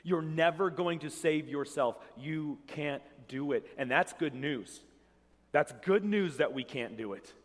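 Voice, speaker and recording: A man's voice: on the high side, unhurried, in a large hall. A man preaching a sermon as pastor, talking conversationally and acting out quotes with animation. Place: church.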